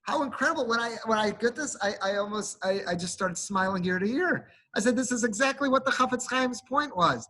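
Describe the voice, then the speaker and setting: A man, a rabbi, giving an earnest sermon to his congregation, often building to emphatic, animated peaks. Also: extremely high pitch, a little fast, hardly any pauses, rough recording. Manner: speaks to a congregation while showing a card.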